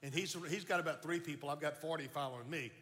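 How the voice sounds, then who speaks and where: An older man telling his life story as a testimony, folksy and animated, often restarting his words. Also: fairly high pitch, quick pace. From Baton Rouge, Louisiana. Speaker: speaker giving testimony. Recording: long hall reverb.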